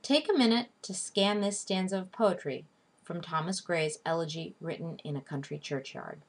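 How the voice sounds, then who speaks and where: A woman teaching a recorded lesson in a slow, deliberate, scripted way, spelling out each term. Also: lowish voice. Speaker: literature teacher. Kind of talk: scripted video lecture.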